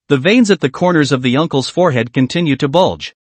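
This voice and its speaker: Animated, lively male story narrator. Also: a little high, fairly quick, few pauses, dry recording. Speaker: recap narrator.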